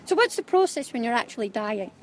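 A woman from Caithness with a Scottish Highland accent, hosting a casual, giggly interview on her phone at a festival. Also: big pitch swings, fast, slight background noise. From Caithness, Scotland. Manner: chatty and giggly, teasing. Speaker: podcast host interviewing at a festival. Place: outdoor-ish busy festival hall. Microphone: phone held by interviewer.

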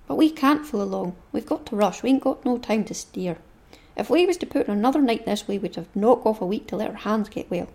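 A woman's voice: medium pitch, lively intonation, brisk, a little mellow, close to an everyday voice. A woman reading the lines of a stubborn, principled boy from a classic novel in her own voice, with an earnest, lecturing manner.

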